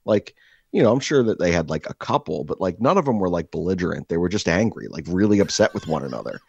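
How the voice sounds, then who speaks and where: A deep-voiced man spins a crude comic story for his co-host, animated and rambling, full of filler words. The sound is dry and a bit dull, like a lo-fi room recording. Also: fast, gravelly, husky, no room sound. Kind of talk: casual comedic storytelling. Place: indoor room, seated across from co-host.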